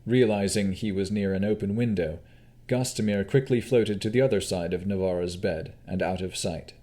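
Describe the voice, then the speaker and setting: A man narrating a fantasy audiobook with expressive storytelling. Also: on the low side, normal speed. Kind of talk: scripted narration.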